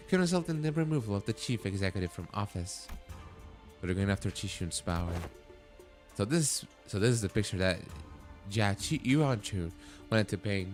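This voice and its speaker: A man's voice: medium pitch, a little mellow. A man streaming a game, reading its dialogue aloud and breaking off into blunt, swearing reactions. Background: faint game music.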